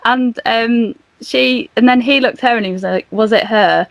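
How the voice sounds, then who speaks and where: A woman's voice: fairly high pitch, moderate pace, vocal fry, no room sound. A young woman guest on a podcast, telling a story casually and animatedly, laughing and acting out the dialogue. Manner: animated, laughing, acts out dialogue in her retelling.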